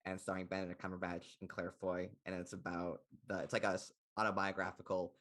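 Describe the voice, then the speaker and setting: A young man with a low, deep voice chats quickly about movies, rushing from thought to thought. His speech is loose and rambling, packed with "like" fillers. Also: level tone, a bit bright. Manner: rambling, heavy use of "like" fillers. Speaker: podcast co-host. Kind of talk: casual film chat.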